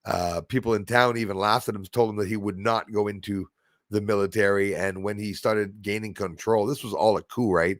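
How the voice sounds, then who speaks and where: A man with a lowish voice hosts a casual live stream and rambles from one point to the next, full of fillers and restarts. The sound is dry and close, with no room around it. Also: fairly even intonation, moderate pace, no echo. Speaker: host.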